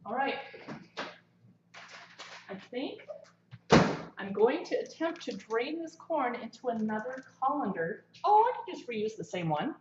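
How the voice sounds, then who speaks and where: A woman's voice: a little high, big pitch swings, unhurried, pauses often, very noisy. Chatty woman cooking live in an echoey kitchen. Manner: chatty, talks while eating and cooking. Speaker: livestream cooking host. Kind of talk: casual livestream cooking chat. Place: home kitchen. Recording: echoey kitchen, slightly dull sound.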